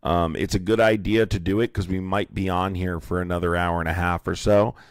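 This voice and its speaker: Hoarse dude running a live stream, super low gravelly voice, blunt and swears a lot. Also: male voice, fairly even intonation, fairly quick, no echo, studio quality. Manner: blunt and profane. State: hoarse, sore throat.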